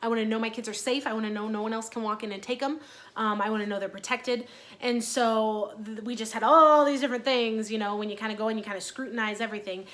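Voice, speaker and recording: A woman's voice: a little high, steady tone, quick pace, fairly bright tone. A woman in her thirties talking in a casual personal vlog, chatty and earnest with many fillers. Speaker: vlogger.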